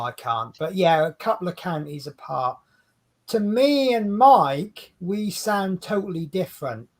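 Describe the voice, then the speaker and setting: A man, co-hosting a craft livestream in rambling, chatty talk and laughing at his own stories. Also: on the high side. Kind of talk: casual chat. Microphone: video call stream.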